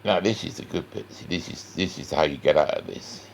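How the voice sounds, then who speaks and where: A man's voice: low-pitched, brisk, creaky, slight background noise. A man with a West Country accent, chatting in a rambling, folksy way to the viewer while he draws. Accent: West Country English. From West Country of England. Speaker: cartoon artist. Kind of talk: chatty drawing tutorial.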